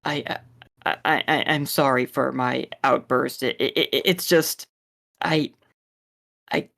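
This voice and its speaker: A man's voice: mid-range voice, fairly even intonation, slow, vocal fry, sharp tone, exaggerated voice. A man voicing a shaken young woman who stammers and repeats her words as she apologizes. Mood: apologetic.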